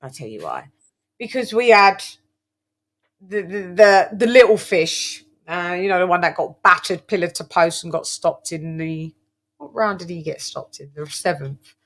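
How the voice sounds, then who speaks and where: A woman hosting a boxing chat show, talking casually in an animated, exaggerated way with lots of stammered restarts. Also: fairly low pitch, moderate pace.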